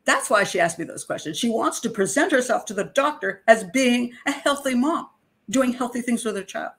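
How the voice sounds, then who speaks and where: A middle-aged woman speaks as a criminal profiler recounting a personal case. Her delivery is animated and indignant, punctuated by wry laughter as she makes her points. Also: fairly high pitch, moderate pace. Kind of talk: personal storytelling commentary.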